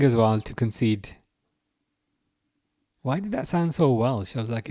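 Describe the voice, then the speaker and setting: A man hosting a casual live football watchalong, reading out chat, laughing often and tripping over his words when he gets excited. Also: mid-range voice, measured pace, no echo, clean studio sound. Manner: excitable, laughing, stumbling restarts. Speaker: livestream host reading chat.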